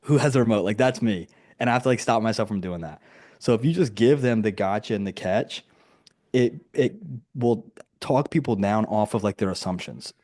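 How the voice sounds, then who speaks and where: A man coaches a group over video in a fairly low-pitched voice with a darkish quality. The talk is relaxed and conversational, full of "like" and lines he acts out as quotes.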